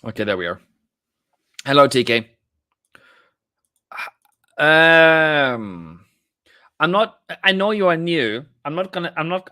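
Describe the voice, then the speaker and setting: A man's voice: medium pitch, pushed and bright, no echo, studio quality. A man with a Norwegian accent hosting a live trading stream, chatting loosely with viewers and rambling as he reads the chat. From Norway.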